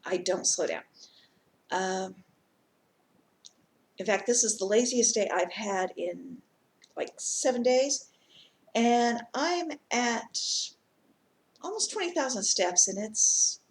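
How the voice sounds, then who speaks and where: A woman vlogger telling a casual story time, chatty and rambling, with many ums and asides. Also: mid-range voice.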